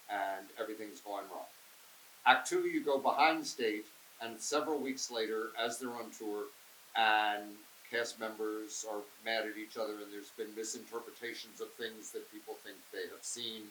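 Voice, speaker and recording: A man's voice: on the low side, sharp tone. A man, a theater director, explaining his show in an easygoing way in an interview. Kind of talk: casual interview. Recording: echoey room with faint hiss.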